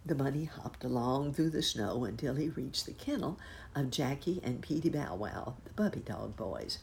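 A woman narrating a children's storybook in an expressive, lively reading. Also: extremely low pitch, normal speed, creaky, a little hiss or hum.

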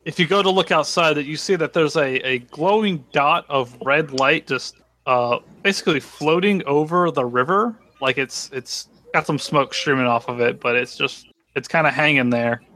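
A man narrating as game master of a tabletop game, relaxed with many fillers. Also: a little high, normal speed.

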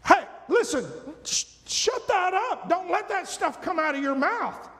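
Preacher guy doing a hotheaded disciple, twang, way up high and yelling, big echo. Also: animated, a little slow, full character voice. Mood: indignant. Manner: loud, blustering, pushy. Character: brash hotheaded male disciple scolding his leader. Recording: long reverb of a large hall.

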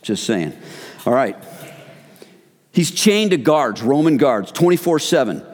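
A man preaching to a men's group in an emphatic, exhorting way, at a mid pitch. His voice carries a long reverb through a large hall. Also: very animated, unhurried, darkish tone. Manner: emphatic and exhorting, addresses listeners as guys. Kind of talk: sermon.

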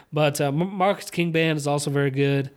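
A young man hosting his own podcast, chatting casually and rambling with lots of fillers and restarts, now and then slipping into a slight Southern twang. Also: a little high. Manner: slips into a slight Southern twang on country music. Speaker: podcast host. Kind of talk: casual solo chat while watching fights.

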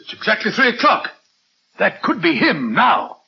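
An actor playing a bluff, easily flustered doctor sidekick in a radio drama. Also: male voice, sits high, huge pitch swings, moderate pace, vocal fry, husky, heavily acted. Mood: puzzled. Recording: dull lo-fi radio recording.

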